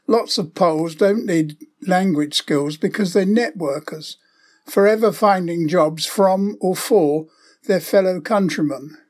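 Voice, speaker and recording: An older man, hosting a podcast and reading a wry, opinionated monologue. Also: sits high. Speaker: podcast host.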